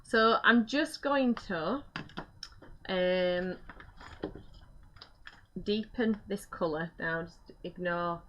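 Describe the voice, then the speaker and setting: A woman with a bright, forceful voice that sits a little low. She talks her viewers through a craft project step by step, chatting as she works. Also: extremely slow, pauses often. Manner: chatty, explains each step while working. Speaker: craft demonstrator. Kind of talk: live craft demonstration.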